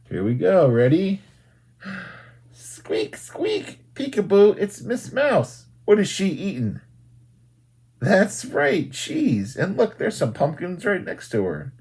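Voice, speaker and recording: A man, a children's librarian, doing an animated storytime read-aloud and talking to young children. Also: a little high, slightly rough. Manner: animated, sing-song, talks to young children.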